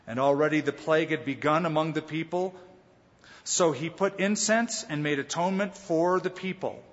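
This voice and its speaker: A man pastor preaching a conversational Bible teaching, with dramatic pauses and voiced quotes. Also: on the high side, a bit bright. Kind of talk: sermon. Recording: dull lo-fi sound with long hall reverb.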